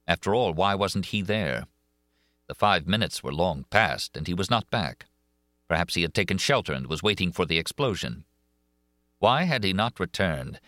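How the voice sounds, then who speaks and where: A man narrating an audiobook in a dramatic, expressive way. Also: deep voice, moderate pace, dry recording, clean studio sound.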